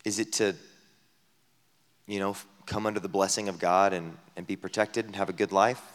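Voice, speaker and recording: Man, pastor, conversational sermon, rhetorical questions, hushed then loud, lowish voice, long hall echo. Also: fairly even intonation, moderate pace. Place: camp meeting hall.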